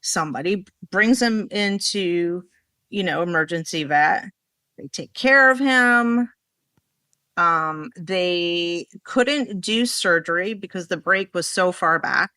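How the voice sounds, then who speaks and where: Bright-voiced animated woman telling a story. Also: fairly low pitch, takes it slowly, no room sound. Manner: animated, rambling, acts out quoted dialogue. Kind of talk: casual storytelling in a podcast conversation.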